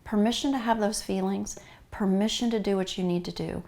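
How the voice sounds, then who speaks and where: A woman's voice: medium pitch, a little fast, creaky. A middle-aged woman with a North American accent gives an earnest, heartfelt talk to grieving pet owners, urging them again and again. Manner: earnest, repetitive, warmly urging. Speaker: pet loss grief speaker.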